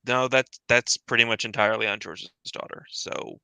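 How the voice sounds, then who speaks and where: A man's voice: mid-range voice, fairly even intonation, moderate pace, creaky, sharp tone, clear, resonant tone, no room sound, poor audio. A man in casual chat about fiction, rambling and swearing often.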